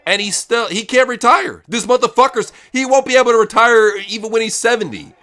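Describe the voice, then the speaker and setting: A man co-hosting a casual watch-along chat, crude and laughing, often slipping into quick impressions. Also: very high voice, pushed and bright. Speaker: co-host. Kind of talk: casual profane chat while watching wrestling.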